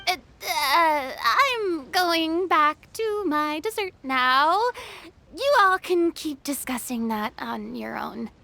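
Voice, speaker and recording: A woman's voice: high voice, expressive, slow pace, creaky, bright, forceful tone, a little hiss or hum, exaggerated voice. A woman voicing a theatrical, vain young diva in a video game, dramatic and easily flustered. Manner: dramatic and showy.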